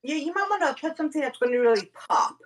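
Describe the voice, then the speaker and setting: A woman teaching tie-dye on a livestream, explaining each step in a steady way with small fillers. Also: sits high, fast. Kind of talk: livestream craft demo chat.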